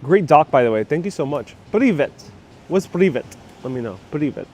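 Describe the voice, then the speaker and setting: This live-stream host walks busy city streets and reads viewer comments, chatty and upbeat with frequent laughter. His fairly high, warm voice is expressive and a little fast. The wireless clip-on mic and gimbal-mounted phone leave a little hiss or hum in the recording.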